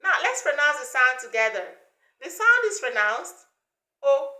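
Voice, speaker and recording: A woman leads an English pronunciation lesson, pacing herself slowly and drilling each vowel sound again and again. Her voice sits a little high and sounds bright. The room is echoey around her. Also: sing-song. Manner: slow, deliberate, repeats sounds for learners to copy. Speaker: pronunciation teacher.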